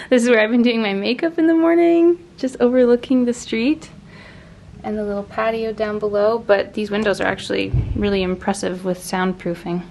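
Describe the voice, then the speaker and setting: A woman's voice: mid-range voice, creaky, a little mellow. A woman chatting casually in a travel vlog, gushing and bubbly, laughing often. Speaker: travel vlogger. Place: hotel room and city streets. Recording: background noise and ambience.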